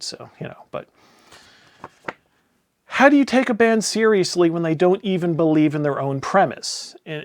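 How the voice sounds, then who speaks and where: A man rants in a casual, profane way, swinging from loud exasperated outbursts to sarcastic muttered asides. His voice sits a little high for a man. The sound is dry and close, with no room around it. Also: no echo. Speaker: tabletop game publisher ranting. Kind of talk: casual spoken rant.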